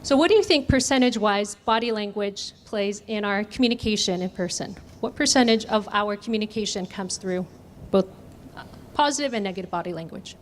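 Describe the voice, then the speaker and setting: A woman's voice: mid-range voice, a little fast, a little hiss or hum. A woman trainer leading an interactive workshop, asking the audience questions and answering them. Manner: engaging, asks audience questions. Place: conference room.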